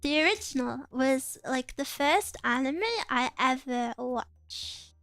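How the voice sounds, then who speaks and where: A woman's voice: high voice, takes it slowly, a bit bright, clear, resonant tone, no room sound, faint music behind. A woman chatting casually on a livestream, answering viewer comments in a playful, giggly way with cutesy exclamations. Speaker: streamer.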